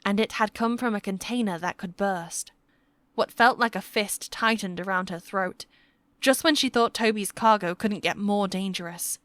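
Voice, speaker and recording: A woman's voice: medium pitch, moderate pace, a bit bright, no room sound. Woman narrating an audiobook, dry and close.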